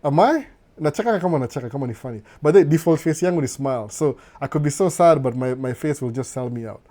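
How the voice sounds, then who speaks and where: Mellow-voiced Kenyan man chatting live. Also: mid-range voice, lively intonation, fast talker. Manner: mixes Swahili and English, repeats "no, no", chuckles often. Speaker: live-stream host. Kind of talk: casual live chat reading viewer comments.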